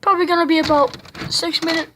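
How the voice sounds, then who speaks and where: Woman, very high voice, slow easy pace, playful pet-talk vlogger, faint background noise. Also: fairly even intonation, pushed and bright. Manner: playful, coaxing, chatty with pet. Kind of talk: casual home vlog with her dog.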